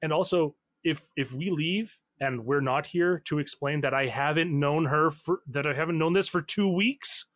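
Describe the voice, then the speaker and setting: A man's voice: on the high side, moderate pace, few pauses, a bit bright. A man narrating as game master in a loose style with many fillers. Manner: loose, filler-heavy, laughs often.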